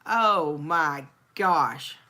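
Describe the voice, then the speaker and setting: Bright, animated Texan woman. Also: low voice, extremely slow. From Texas. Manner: animated storyteller, acts out quotes. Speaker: host. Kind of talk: casual chat.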